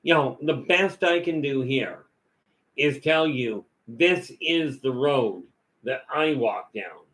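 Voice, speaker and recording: A man's voice: mid-range voice, takes it slowly, a bit bright, low-quality recording. Folksy rambling man. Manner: folksy, storytelling, many "you know" fillers. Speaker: vlog host. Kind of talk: rambling personal talk.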